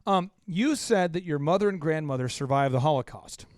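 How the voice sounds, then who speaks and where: A man's voice: on the high side, lively intonation, fairly quick, a little mellow, no echo, clean studio sound. A man hosting an interview, earnest and stumbling over a few restarts. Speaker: podcast host.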